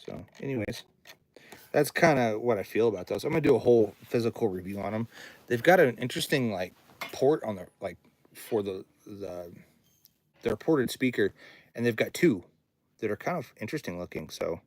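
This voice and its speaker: A man's voice: lowish voice, lively intonation, moderate pace, darkish tone, no echo. A man who runs a recording studio, chatting casually on a livestream, rambling and reading viewer comments aloud in his home studio.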